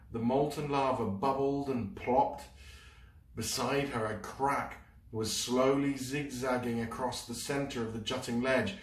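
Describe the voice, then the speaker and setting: A man reading a children's book aloud as a storyteller, in an expressive, dramatic way. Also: medium pitch. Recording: roomy, mic at a distance.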